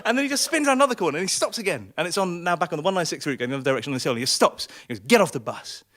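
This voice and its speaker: A man's voice: high-pitched, lively intonation, racing, fairly bright tone. A man telling a comic personal story on a small theatre stage, self-deprecating and laughing through his lines.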